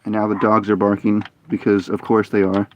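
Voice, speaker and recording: A man's voice: on the low side, completely flat delivery, fairly quick, a little hiss or hum. A man streaming a game live, muttering and complaining in frustration as he plays. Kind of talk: live gameplay commentary.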